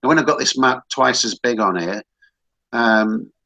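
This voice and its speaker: Chatty man with a bright voice. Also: mid-range voice, measured pace, low-quality recording. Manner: chatty, rambling, with frequent restarts. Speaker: host. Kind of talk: casual online talk show.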